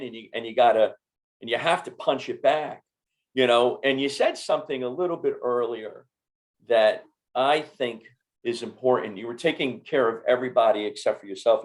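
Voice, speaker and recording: A man hosting a podcast interview, speaking in an encouraging, motivational way. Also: medium pitch. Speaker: podcast host.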